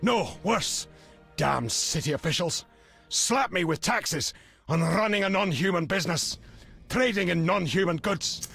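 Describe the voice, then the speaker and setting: A gruff, bitter dwarf blacksmith in a video game. He grumbles indignantly in a rather high, raspy and gravelly voice. Faint game music plays behind him. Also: lively intonation, measured pace, fairly bright tone, no echo, heavily acted. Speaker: game character.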